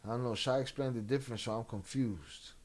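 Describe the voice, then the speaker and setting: A man's voice: medium pitch, a little fast, a little mellow. A man streaming and reading chat in a loose, profane way, dropping in Spanish slang. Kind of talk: casual live-stream chat.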